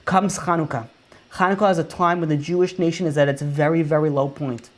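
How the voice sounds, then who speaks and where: A man's voice: a little high, fairly even intonation, brisk. Man preaching in rhetorical questions. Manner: repetitive rhetorical questions, restarts. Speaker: rabbi. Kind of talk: conversational sermon.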